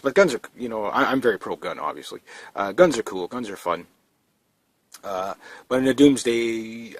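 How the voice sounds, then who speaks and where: A man with a fairly low voice talks loosely to camera, rambling and down-to-earth, stopping and restarting his thoughts. The sound is dry and close, with no room echo. He sounds like he is recording in his trailer. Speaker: prepping vlogger. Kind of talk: casual talk to camera. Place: indoors in a trailer.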